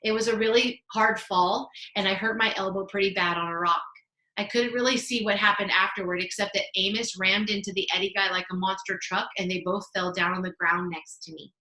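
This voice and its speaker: A woman teacher reading a children's novel aloud in an expressive storytelling manner. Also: medium pitch, brisk. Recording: roomy echo.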